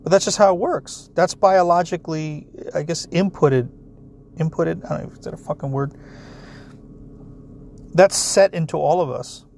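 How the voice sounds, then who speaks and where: Man, solo rant, heavy swearing, blunt and animated, slightly high voice, faint background hiss. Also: normal speed, vocal fry, pauses often. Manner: animated, talks straight at listeners. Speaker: solo commentator. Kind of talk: ranting monologue.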